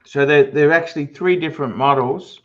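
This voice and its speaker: A man co-hosting a casual livestream, explaining watch models with effusive praise and halting fillers. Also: on the high side, fairly bright tone. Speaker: co-host and watch expert. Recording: dull lo-fi sound.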